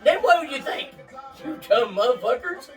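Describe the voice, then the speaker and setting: Guy telling wild stories, cussing and cracking up, mic far off, some music low behind. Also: lively intonation, moderate pace. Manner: profane, laughs through his stories. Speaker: interviewee. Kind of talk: casual storytelling. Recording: distant mic with faint music.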